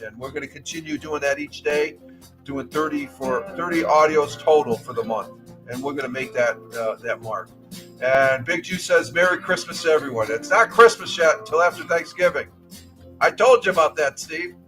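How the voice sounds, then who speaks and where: A man hosting a casual morning live stream, thanking viewers by name in a rambling way with many ums and uhs. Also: on the high side.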